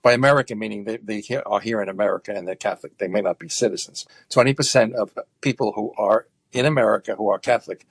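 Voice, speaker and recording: A low, gravelly man's voice. He talks earnestly in an interview, pausing on fillers and restarting his sentences. The sound is dry and close. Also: dry recording. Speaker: guest activist. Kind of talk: conversational interview.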